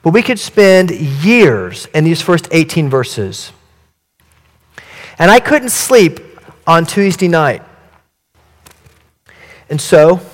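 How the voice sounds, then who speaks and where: A male pastor giving an earnest, measured sermon in a church. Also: a little high, long reverb tail.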